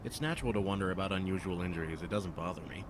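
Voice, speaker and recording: An actor voicing a blunt, matter-of-fact former firefighter in a video game. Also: male voice, sits low, very fast, noisy background, lightly acted. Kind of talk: game voice acting.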